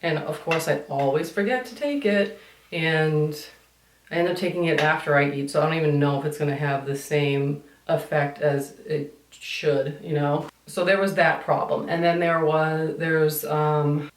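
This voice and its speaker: A woman's voice: low voice, a little slow. Chatty makeup vlogger, a woman who rambles and swears casually, roomy sound a bit off mic. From United States. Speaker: beauty vlogger. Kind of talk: chatty get-ready-with-me vlog. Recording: echoey room, somewhat far from mic.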